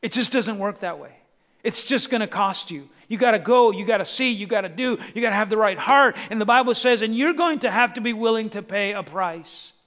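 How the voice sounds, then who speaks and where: Preacher guy, pretty high voice, gets loud then real quiet, asks the congregation stuff, big church echo. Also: a little fast. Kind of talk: sermon. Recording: long hall reverb.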